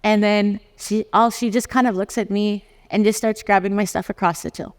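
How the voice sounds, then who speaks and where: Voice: medium pitch, brisk, hardly any pauses. A lawyer in their forties from Canada, giving a conference talk and acting out the dialogue in personal stories. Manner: animated storyteller who acts out dialogues and often laughs. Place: conference hall. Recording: long hall reverb.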